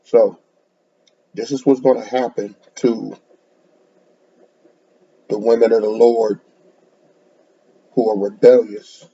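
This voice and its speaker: Slow, gravelly preacher man, lo-fi. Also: on the low side, flat delivery, mellow. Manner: blunt, lecturing, repeats words. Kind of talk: sermon to camera. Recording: dull lo-fi recording.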